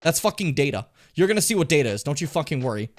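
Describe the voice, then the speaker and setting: A man's voice: fairly high pitch, very animated, very fast, a little hiss or hum. Swearing, jokey man streaming a game. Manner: profane, jokey, sudden shouted outbursts. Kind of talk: casual live-stream commentary.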